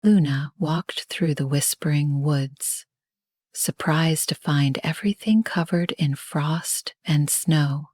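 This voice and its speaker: Soft-whispering woman bedtime storyteller. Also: low voice, slow pace, dry recording. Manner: soft, soothing.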